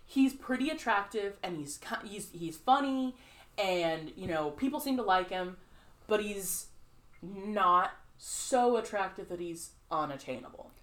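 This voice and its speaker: A woman co-hosting a podcast, chatting casually with a middle-pitched voice. She rambles, fills gaps with "like" and "um," and acts out the voices of the people she quotes. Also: unhurried. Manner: rambling, filler-heavy, animated quoting. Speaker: podcast co-host. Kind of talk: casual chat.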